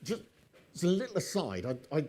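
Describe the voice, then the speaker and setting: A man's voice: fairly high pitch, wildly swooping pitch, fairly quick, mellow, a little hiss or hum. A man telling an old myth, drifting into chatty asides and laughing often at his own jokes. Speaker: storyteller. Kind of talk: oral storytelling with chatty asides.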